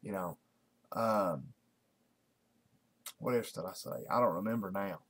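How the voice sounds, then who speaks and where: A man's voice: low-pitched, unhurried, a bit bright. A man talks straight to camera in a casual daily video blog. His delivery is folksy and repetitive, thick with fillers and false starts. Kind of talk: casual rambling monologue to camera.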